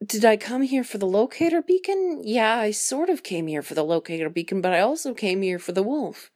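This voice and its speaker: A woman casually voicing a fierce female starship pilot in her own retelling, quick and questioning. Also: medium pitch, expressive, a little mellow, pitched above the performer's own voice, lightly acted. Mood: musing.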